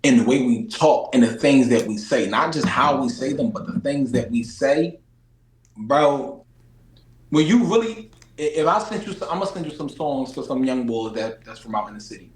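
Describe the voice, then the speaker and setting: Philly-accented male guest, mid-pitched, animated slangy chat, roomy echo on the track. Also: normal speed. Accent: Philadelphia. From Philadelphia, USA. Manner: animated, slangy, repeats phrases for emphasis. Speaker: interview guest. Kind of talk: casual chat.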